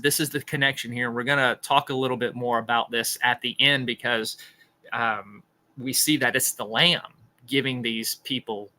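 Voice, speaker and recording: Bright-voiced man explaining scripture earnestly. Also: medium pitch. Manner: earnest and explanatory, thinking aloud. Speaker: podcast host teaching scripture. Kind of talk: informal Bible study talk.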